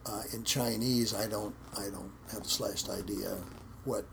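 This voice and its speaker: Gravelly American man, interview guest, loose anecdotal delivery, faint noise floor. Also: lowish voice, steady tone, moderate pace. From United States. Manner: rambling, repeats words, acts out quotes. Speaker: interview guest, martial arts instructor. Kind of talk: casual storytelling interview.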